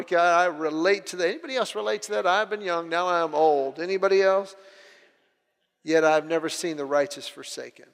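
High-voiced pastor preaching in a reverberant hall. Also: male voice. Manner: storytelling, acts out his children's voices. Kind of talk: sermon.

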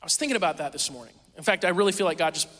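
A man's voice: high voice, racing, a bit bright. A man in his thirties preaching a sermon as pastor, talking conversationally with lots of fillers and stories. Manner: conversational, chatty storytelling with many fillers. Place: church hall. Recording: reverberant church hall.

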